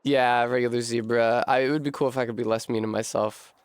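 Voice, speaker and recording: A man streaming a game, thinking out loud in a rambling way, swearing freely and running himself down. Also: mid-range voice, steady tone, fairly quick, smooth, no room sound. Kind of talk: casual live-stream commentary.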